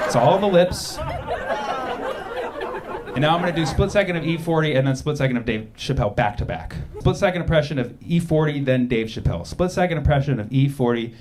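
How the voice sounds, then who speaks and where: Man doing stand-up over roaring laughter. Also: on the high side. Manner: playful, crowd work, exaggerated bits. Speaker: stand-up comedian. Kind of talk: stand-up routine. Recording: live show with loud audience laughter.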